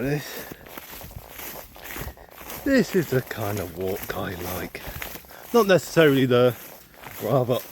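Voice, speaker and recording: A man's voice: mid-range voice, noisy background. A man vlogging on a country walk, talking casually to the camera in a chatty, wry, rambling way with playful asides. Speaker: walking vlogger. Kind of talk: casual talk to camera while walking. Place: open countryside, outdoors.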